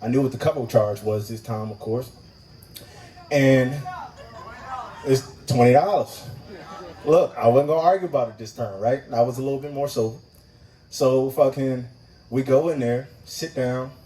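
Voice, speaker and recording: Poor audio from a far-off microphone captures a male comedian performing at an open mic venue. Speaking at normal speed with a medium pitch and long pauses, he relates a foul-mouthed tale, animatedly voicing the people in it.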